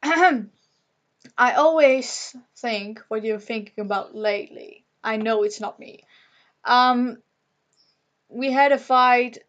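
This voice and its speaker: A young woman vlogger rambling to the camera in an emotional personal monologue, halting, with nervous laughter, upset. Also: mid-range voice, a bit bright.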